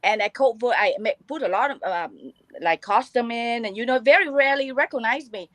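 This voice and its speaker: High-voiced woman, halting broken English. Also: no room sound, rough recording. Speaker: guest. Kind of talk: casual chat.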